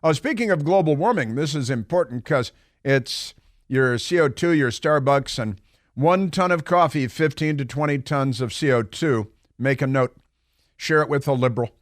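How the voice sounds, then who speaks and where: Heard through a studio microphone with no room sound, a middle-aged man runs an opinionated talk radio monologue at normal speed. His mid-range voice rambles and mocks, thick with fillers and asides.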